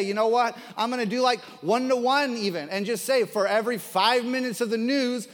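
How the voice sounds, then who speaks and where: A man's voice: extremely high pitch, fairly bright tone, big-room sound. A man preaching a sermon as pastor, earnest and building to emphatic, repeated declarations. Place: church sanctuary.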